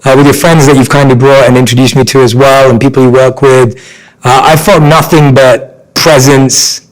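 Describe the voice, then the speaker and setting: A man hosting a podcast, speaking reflectively with gentle humor. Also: mid-range voice, little pitch movement, normal speed, low-quality recording. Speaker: podcast host. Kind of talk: interview conversation.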